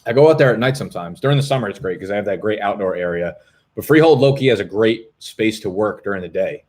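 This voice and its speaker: A man's voice: fairly low pitch, lively intonation, fast talker, a little mellow. A man in his twenties hosting a fantasy football live stream, chatting casually with viewers in a rambling, profane, jokey way. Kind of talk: casual live-stream chat reading comments. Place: apartment in Brooklyn.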